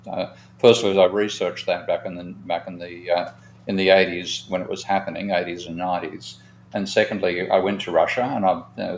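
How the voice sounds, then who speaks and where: An economist hosting a live discussion speaks in a low voice, frankly rambling through long anecdotes and swearing now and then. The room sounds echoey, with a little hiss or hum.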